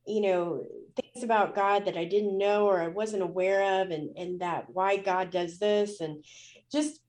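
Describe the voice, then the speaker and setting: A woman's voice: mid-range voice, fairly even intonation, measured pace, a little mellow. Candid woman telling a personal story. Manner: candid, emotional, many fillers. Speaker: guest.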